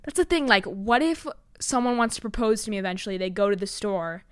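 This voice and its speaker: Rambling teenage girl with a smooth, dry voice. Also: mid-range voice, lively intonation, a little fast, no room sound. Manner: rambling, filler-heavy, swears, self-mocking. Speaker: podcast host. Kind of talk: casual solo podcast chat.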